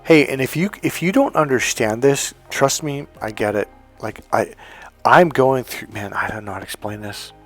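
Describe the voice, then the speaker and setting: A man working as a life coach, telling a personal story in a loose, animated way, swearing freely and often breaking off mid-sentence. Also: medium pitch, normal speed, soft background music. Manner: animated, profane, self-interrupting. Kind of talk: casual storytelling monologue.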